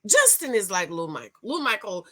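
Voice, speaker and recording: A woman giving sassy, animated commentary on a reality show, with features and lots of restarts. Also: medium pitch, a little fast. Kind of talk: casual opinion review.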